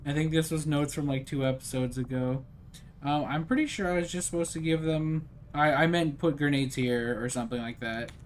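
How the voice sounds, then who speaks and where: A man's voice: a little high, fairly quick, a little hiss or hum. A man casually commenting while he plays a strategy game, rambling and self-deprecating as he thinks aloud. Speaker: gaming streamer. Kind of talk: casual let's-play commentary.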